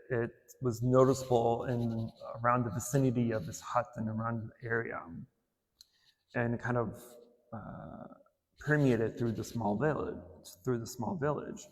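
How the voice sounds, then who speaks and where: A man giving a casual dharma talk in a temple, retelling a story in a relaxed way with filler words and light chuckles. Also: medium pitch. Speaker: temple speaker. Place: temple hall. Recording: long hall reverb.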